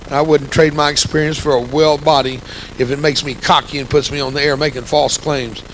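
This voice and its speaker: A man in his sixties with a gravelly, grumpy-sounding voice, giving an impassioned, folksy testimony sermon with humor as a church guest speaker. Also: a little high, steady tone, brisk, a little hiss or hum, low-quality recording. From United States. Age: 60s. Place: church sanctuary.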